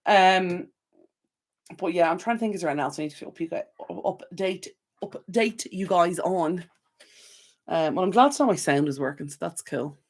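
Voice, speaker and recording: A young Irish woman with a lowish voice hosts a live stream chat with viewers from her home desk, speaking at a normal speed. She rambles through casual rants packed with fillers, picked up by a desk camera mic.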